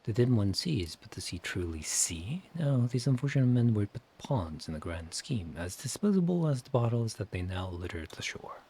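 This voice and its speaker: A man voicing a mysterious male schemer in whispered role-play, slow, hushed and cryptic. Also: lowish voice, sing-song, slight background noise.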